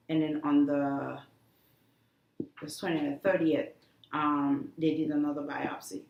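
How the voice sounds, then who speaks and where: A woman being interviewed, talking earnestly and haltingly, with many restarts. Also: sits low, a little mellow, a little hiss or hum. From The Gambia. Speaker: guest, cancer survivor. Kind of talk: emotional interview talk. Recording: echoey room.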